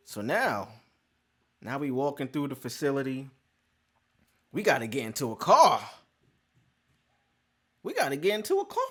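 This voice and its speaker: A man telling a casual storytime monologue. He is animated and profane, and he acts out each exchange. His voice sits at a middling pitch but swings extremely widely. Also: moderate pace, long pauses.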